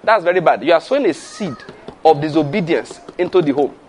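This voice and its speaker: Emphatic preacher man, higher-pitched. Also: animated, brisk, a little hiss or hum. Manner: emphatic, with rhetorical questions and call-and-response; breaks into laughter while preaching. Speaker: pastor. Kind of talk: sermon.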